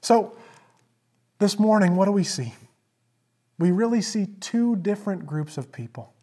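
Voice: mid-range voice, lively intonation, a little slow. Preacher retelling a scripture story. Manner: storytelling with emphatic repetition; swings between loud emphasis and hushed asides. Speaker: pastor. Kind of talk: sermon.

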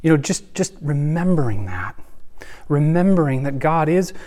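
A man's voice: fairly high pitch, animated, moderate pace. Earnest man preaching a sermon. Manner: earnest, swings between soft hushed lines and rising emphasis. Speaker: pastor.

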